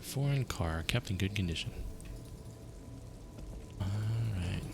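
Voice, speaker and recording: A man's voice: sits low, animated, slow, gravelly, noisy background. A man streaming a live game playthrough, reading the on-screen text aloud with wry, chatty asides.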